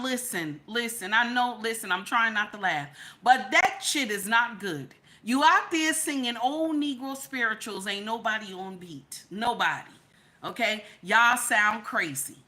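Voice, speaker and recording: High, bright woman ranting on a livestream. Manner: animated, profane, rhetorical, repeats questions for emphasis; addresses chat viewers directly. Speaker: livestream commentator. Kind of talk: casual ranting livestream commentary.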